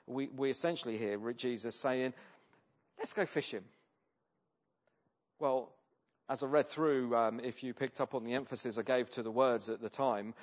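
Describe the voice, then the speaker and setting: A man preaching a sermon in a conversational way, often pausing with ums and restarting his sentences. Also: medium pitch, dull audio. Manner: conversational, with many hesitations and restarts.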